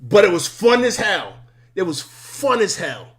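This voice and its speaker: A man hosting a live sports talk stream speaks in a high, unhurried voice, worn from yelling. He's excitable and profane, laughing often and saying things more than once.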